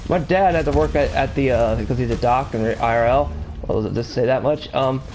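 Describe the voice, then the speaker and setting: A man's voice: medium pitch, fairly quick, darkish tone, soft background music. An American man chatting casually on a podcast, telling crude stories with stammered restarts. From United States. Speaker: podcast co-host.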